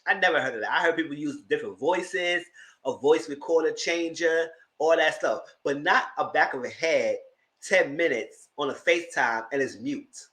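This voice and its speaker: A man casually retelling a reality show episode, animated and incredulous, jumping to high exclamations. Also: moderate pace. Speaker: TV recap vlogger. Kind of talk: casual recap commentary.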